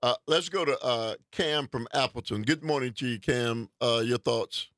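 Male radio host, dry studio sound, friendly, quick to laugh. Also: medium pitch, a bit bright, no echo. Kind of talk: talk radio hosting.

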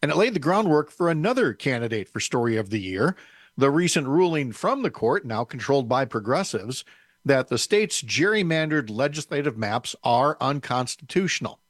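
A man hosting an interview, reading a scripted introduction and then asking questions in a measured, slightly halting way. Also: mid-range voice, big pitch swings, dry recording, studio quality. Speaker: radio show host.

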